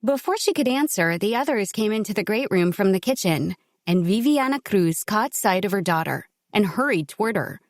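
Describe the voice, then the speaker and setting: A woman reading a novel aloud as an audiobook narrator, in steady, measured scripted narration. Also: medium pitch, no echo, studio quality.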